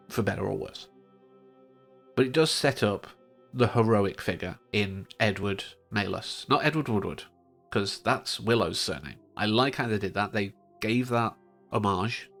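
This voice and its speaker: Male film reviewer, lowish voice, chatty and digressive, faint music underneath. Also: gravelly, fairly bright tone. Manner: chatty, digressive, frequent fillers. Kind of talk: casual spoken film review. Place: home studio in front of a green screen.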